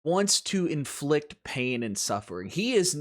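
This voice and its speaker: A man's voice: a little high, sing-song, measured pace. A man hosting casual wrestling commentary, rambling, chuckling, and often cutting himself off mid-thought. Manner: rambling, chuckling, self-interrupting.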